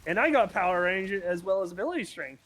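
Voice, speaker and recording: A man's voice: high-pitched, lively intonation, fast, a bit bright. A man chatting casually as a co-player on a stream, teasing and dry. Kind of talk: casual gaming chat.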